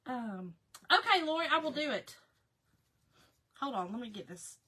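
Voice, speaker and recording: A woman's voice: a little high, big pitch swings, moderate pace, bright, forceful tone, husky. A woman hosting a casual live crafting chat, talking to viewers by name and laughing often. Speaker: craft livestream host.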